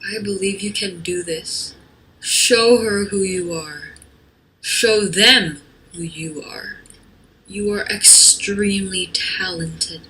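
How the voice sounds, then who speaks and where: A woman voicing a gentle, caring mother speaking softly and encouragingly. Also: mid-range voice, slow pace, slight background noise, poor audio. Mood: tender. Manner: soft, soothing and encouraging.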